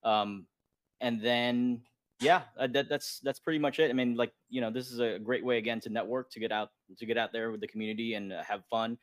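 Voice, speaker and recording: A man's voice: mid-range voice, steady tone, brisk, no room sound. A man on a podcast roundtable, hesitant with many fillers but encouraging to listeners. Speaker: podcast guest. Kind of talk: casual roundtable chat.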